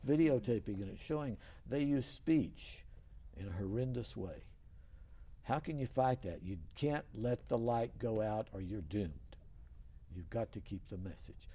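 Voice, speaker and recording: A man's voice: medium pitch, warm tone. An older man hosting a TV talk show, telling long rambling stories with many restarts. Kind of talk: casual storytelling interview.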